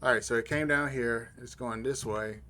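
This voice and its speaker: A man's voice: medium pitch, fairly even intonation, moderate pace, pushed and bright. Laid-back male gamer rambling. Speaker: gaming channel host. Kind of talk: casual gameplay commentary.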